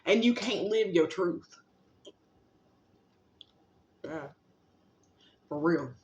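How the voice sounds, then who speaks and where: A woman vlogger giving a casual, rambling spiritual pep talk, gently encouraging and affectionate, with plenty of fillers and a little casual swearing. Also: on the low side, lively intonation, drawn-out words. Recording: roomy, slightly dull recording.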